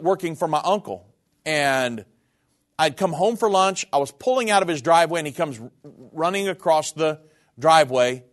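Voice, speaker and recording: Earnest man preaching a personal testimony. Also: fairly high pitch. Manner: earnest, personal, emotional storytelling. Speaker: minister. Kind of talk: sermon testimony.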